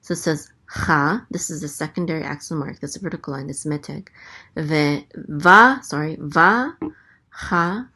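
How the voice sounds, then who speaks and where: A woman teaching a language lesson, sounding out letters and vowels slowly and carefully, with frequent hesitations. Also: sits low, bright, forceful tone, breathy edge. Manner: hesitant, many ums, slow careful sounding-out. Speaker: Hebrew teacher. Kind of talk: casual teaching, spelling out letters.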